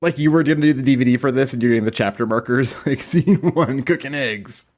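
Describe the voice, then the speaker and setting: A man's voice: medium pitch, racing, darkish tone. A man co-hosting a podcast, who chats casually and cracks wry jokes. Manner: wry and joking. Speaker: podcast co-host.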